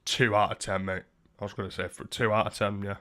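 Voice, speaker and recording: A young man chats crudely with his livestream viewers, rambling loosely and swearing freely. His voice sits fairly low. He talks from a room at home. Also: little pitch movement, fast, bright, forceful tone. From Britain. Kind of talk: casual livestream chat.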